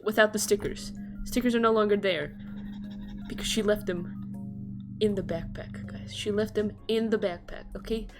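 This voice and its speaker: Young woman streamer doing story time, super animated, gasps a lot, little bit of music in the background. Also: medium pitch, moderate pace.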